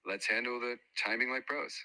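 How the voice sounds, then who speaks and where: Bright, eager male AI assistant voice. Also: mid-range voice, fairly even intonation, fairly quick, low-quality recording. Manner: upbeat, eager, agreeable. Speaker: AI voice assistant co-host. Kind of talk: scripted-sounding assistant replies.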